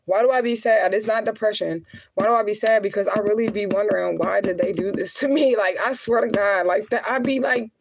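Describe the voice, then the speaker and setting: With a gravelly, medium-pitched voice and a fairly quick pace, this woman, a vlogger and spiritual adviser, chats casually with her viewers. She is blunt and swears, often laughing in between the heavier things she says.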